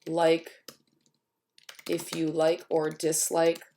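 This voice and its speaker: Low-voiced woman narrating a screencast. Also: monotone, drawn-out words, mellow, a little hiss or hum. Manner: chatty, thinking aloud. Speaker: teacher. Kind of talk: screencast tutorial. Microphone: computer mic while screen recording. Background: keyboard typing.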